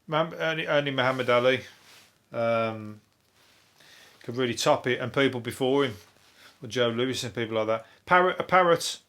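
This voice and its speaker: Pushed and bright, this man's mid-range voice moves at a moderate pace as he hosts a solo news review podcast. He's a comedian whose rambling commentary is packed with swearing, and he keeps cracking himself up.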